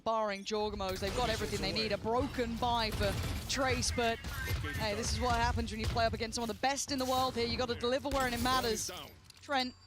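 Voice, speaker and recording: A man doing excitable play-by-play commentary on an esports match, shouting at the big plays. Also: extremely high pitch. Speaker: esports caster.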